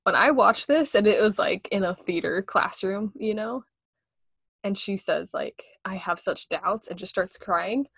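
A woman's voice: mid-range voice, unhurried, a bit bright, husky, no room sound. Gushing young woman hosting a film podcast. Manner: gushing, laughs often, many fillers. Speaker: podcast host. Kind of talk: casual film discussion.

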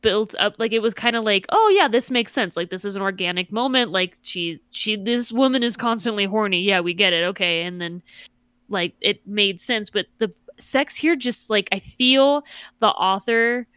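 A woman in casual podcast chat, swearing freely and slipping into mocking voices for characters. Her voice is smooth and clear, at a middle pitch, recorded dry and close. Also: normal speed, no echo. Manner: animated, profane, mocks characters in exaggerated voices. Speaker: podcast co-host.

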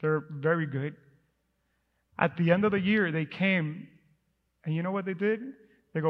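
A man's voice: a little high, normal speed, long pauses. A male pastor telling a story in a sermon, with a chatty, storytelling delivery full of asides. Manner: conversational, storytelling with asides and laughs. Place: church sanctuary. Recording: muffled sound with long hall reverb.

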